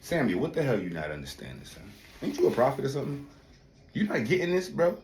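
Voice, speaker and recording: Man, slangy incredulous reaction commentary, lively pitch, echoey room. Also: quick pace. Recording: echoey room, faint noise.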